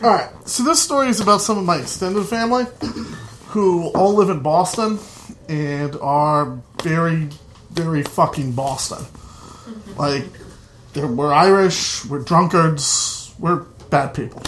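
A man telling a comic story to a live audience, lively and loose, swearing freely. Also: a little high, unhurried, a little hiss or hum.

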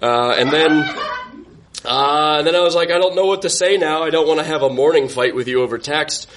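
A man's voice: on the high side, moderate pace, a bit bright. A young man on a podcast, wryly telling a self-mocking personal story and laughing through it. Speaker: podcast guest.

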